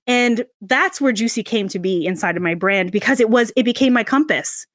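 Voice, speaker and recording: A woman podcast guest telling a personal story in an animated, expressive way, acting out the voices she quotes. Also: moderate pace, dry recording, studio quality. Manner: expressive, acts out quoted voices with big pitch jumps.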